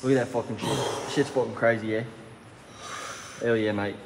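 A man's voice: lowish voice, fairly even intonation, normal speed, vocal fry, background noise. A man putting on a fake Australian accent as a swearing gym bloke who keeps calling everyone mate, in an echoey gym. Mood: hyped. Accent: put-on Australian. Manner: swears constantly, ends lines with mate. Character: over-the-top swearing Aussie gym bloke. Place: gym at night.

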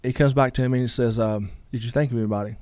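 Man, middle-aged, rambling storyteller, rapid delivery, dry close sound. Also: mid-range voice, steady tone, a little mellow, no room sound. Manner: rambling, many fillers, quotes others in dialogue. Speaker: guest. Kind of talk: casual storytelling.

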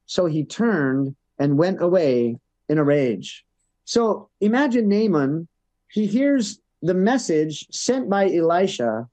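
A man with a high-pitched voice delivers a sermon. He reads verses aloud, then explains them in a relaxed, conversational way, often tagging on "no?" to keep listeners with him. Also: measured pace. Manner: reads scripture then retells it in plain words, tag questions. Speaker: church elder preaching. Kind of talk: sermon with scripture reading.

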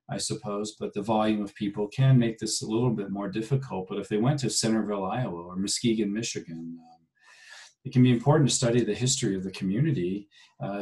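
A man giving a recorded genealogy lecture, talking conversationally in a halting way with many fillers and restarts. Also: fairly low pitch, darkish tone. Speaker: genealogy instructor.

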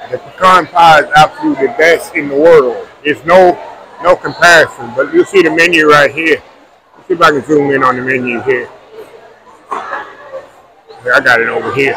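Man, food vlogger, slightly high voice, chatty, filmed on a phone among a loud crowd. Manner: chatty, addresses viewers as y'all. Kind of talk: casual walking vlog narration. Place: outdoor rodeo food tents in a crowd. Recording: busy crowd noise around.

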